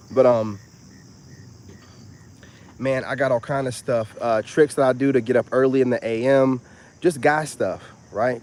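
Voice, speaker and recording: A man talking as a self-help influencer in a casual vlog monologue. He is animated and rambling, and he keeps repeating "you know what I'm saying.". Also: mid-range voice.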